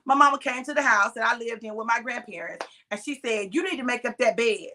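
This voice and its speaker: Talking at a quick clip in a fairly high, sharp voice, this middle-aged woman exhorts her listeners like a preacher. She addresses them head-on with emphasis, lengthening each stressed word.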